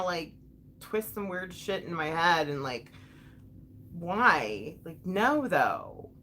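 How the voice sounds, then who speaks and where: Emotional young woman venting, animated pitch. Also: slow pace. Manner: emotional, frank, swears often, restarts sentences. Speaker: vlogger and mother. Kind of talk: casual venting to a live chat.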